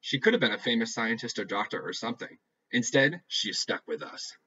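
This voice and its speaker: A man reading a first-person novel aloud with a dry, deadpan delivery. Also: mid-range voice, a little fast, slightly rough. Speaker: audiobook reader. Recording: dull lo-fi recording.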